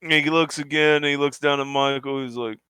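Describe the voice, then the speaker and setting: Bright, clear-voiced male game master. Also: a little high, steady tone, fairly quick, no echo. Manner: rambling, descriptive narration. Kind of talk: narrating a tabletop game.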